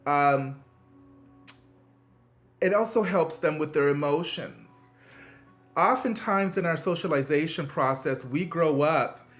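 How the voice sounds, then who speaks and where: A man's voice: slow pace, long pauses, fairly bright tone, soft background music. A man hosting a video, giving parenting advice in a casual, earnest monologue with frequent fillers and emphatic turns. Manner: conversational, frequent fillers and restarts; earnest and encouraging, emphatic swings in pitch.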